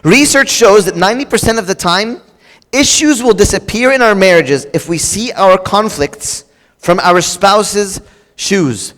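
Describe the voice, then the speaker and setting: A middle-aged man preaching with a notably high voice, his words trailing into the long reverb of a church hall. He talks casually and with animation, slipping into raised voices to act out quarrelling spouses. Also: a bit bright. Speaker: pastor. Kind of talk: sermon.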